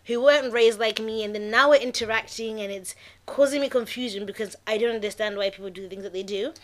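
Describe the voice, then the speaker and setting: A young woman co-hosting a podcast, speaking earnestly and openly with halting restarts. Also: fairly high pitch. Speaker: podcast co-host. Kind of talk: casual reflective podcast chat.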